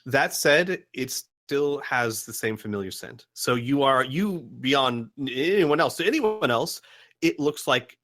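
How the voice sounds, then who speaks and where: Casting: male game master, bright tone, rambling casual narration. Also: mid-range voice, expressive, takes it slowly. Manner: rambling, full of fillers and restarts.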